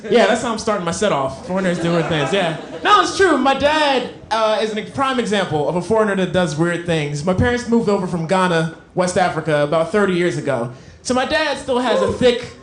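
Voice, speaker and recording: A young adult man doing a stand-up set on a comedy club stage, telling stories in an animated way and breaking into emphatic shouts. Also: sits high, brisk, a little hiss or hum. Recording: echoey club with crowd laughter.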